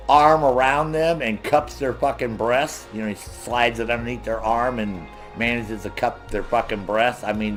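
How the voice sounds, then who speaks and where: A man streaming a video game and ranting in heavy profanity while he plays, laughing often. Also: mid-range voice. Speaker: gaming streamer. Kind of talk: casual gameplay commentary.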